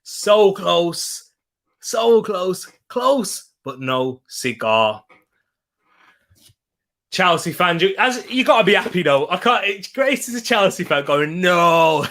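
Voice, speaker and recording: A man's voice: high-pitched, big pitch swings, takes it slowly, fairly bright tone. A young man hosting a live football watch-along from a home setup, chatting upbeat with his viewers and laughing often.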